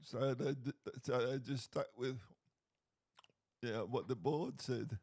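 A man chats on a podcast. He speaks slowly with a gravelly edge. His rambling stories are broken up by chuckles, and the recording sounds dry and close. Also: mid-range voice, darkish tone, no echo. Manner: rambling storyteller, chuckles often. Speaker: podcast co-host. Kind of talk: casual chat.

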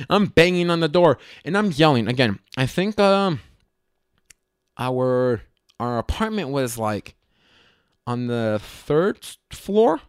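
A young man hosting a podcast, telling a comedic story in a casual way. He swears often, talks in an animated way and mocks himself. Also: medium pitch, takes it slowly, smooth, no echo, studio quality. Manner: profane, animated, self-mocking. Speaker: podcast host.

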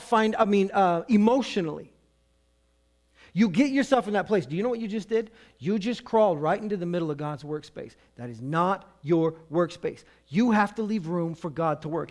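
A middle-aged male pastor with a high voice preaches a sermon conversationally, mixing in humor and quick acted-out asides.

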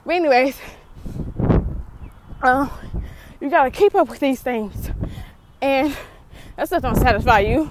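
Her high-pitched voice has lively intonation as this vlogger preaches and prays, out of breath from a workout and using casual slang. She moves at a normal speed but pauses often, repeating fervent rebukes. Background noise is audible.

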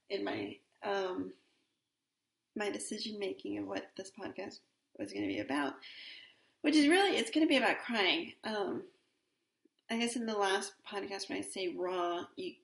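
A woman's voice: mid-range voice, gravelly, fairly bright tone, echoey room. A woman in her forties hosting a solo podcast in a casual, rambling way, with many fillers and restarts. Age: 40s. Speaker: podcast host.

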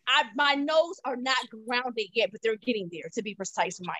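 A woman in her forties with a high voice talks with blunt, profane candor. She tells stories about her own life as a podcast co-host. The sound is close and dry. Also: animated, moderate pace, fairly bright tone, dry recording, dull audio. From United States. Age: 40s. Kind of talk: casual chat.

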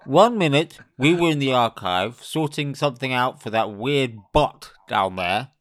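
A man's voice: mid-range voice, lively intonation, measured pace. A man playing in a tabletop game, earnest and questioning. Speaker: player. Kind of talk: in-character tabletop play.

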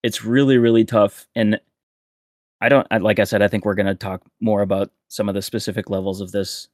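A young man chats as a podcast guest in a low voice. He rambles easily, laughing between thoughts and leaning on fillers. The sound is dry and close, with no room around it. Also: level tone, brisk, darkish tone, no echo. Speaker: guest content creator. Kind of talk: casual podcast chat.

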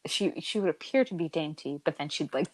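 A woman co-hosting a podcast in a casual chat with a friend, playful and quick to laugh. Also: deep voice, darkish tone. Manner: giggly, playful, laughs often. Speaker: podcast co-host.

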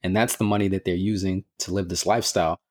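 Measured man in casual chat. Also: low-pitched, fairly even intonation, a little mellow. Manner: measured, agreeable, storytelling. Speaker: podcast co-host.

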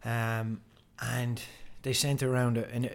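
A man's voice: mid-range voice, flat delivery, takes it slowly, gravelly. A man, co-hosting a casual podcast, joking around and swearing. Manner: jokey, swearing, breaks into mock rap. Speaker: podcast co-host. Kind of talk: casual chat with freestyle rapping.

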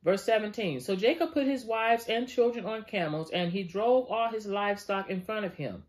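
A Bible study teacher with a mid-range voice and moderate pace reads scripture aloud, pausing for relaxed conversational comments. Fillers come up often in these asides.

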